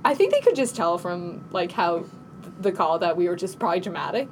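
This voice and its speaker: Animated woman telling a wild story. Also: brisk, a little hiss or hum. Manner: animated, laughing, acts out quotes in a high panicked voice. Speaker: podcast co-host. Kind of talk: casual storytelling chat.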